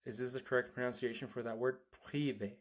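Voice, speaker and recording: A man whose first language is Spanish, practising reading aloud and slowing down over each phrase, with quick casual remarks in between. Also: mid-range voice, monotone, a bit bright. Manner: reads French slowly and carefully, quick self-talk between lines. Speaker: language learner.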